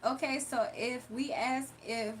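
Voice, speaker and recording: Chatty woman livestreamer, slightly high voice. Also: steady tone, measured pace, slight background noise. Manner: chatty, laughs often, answers viewers directly. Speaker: livestream host reading chat. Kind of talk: casual livestream chat. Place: home, early morning.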